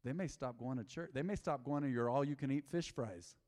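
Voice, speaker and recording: A man's voice: medium pitch, a little fast, darkish tone, voice pushed down, close to an everyday voice. A man voicing a casual, worried male disciple who speaks in slangy talk to his leader.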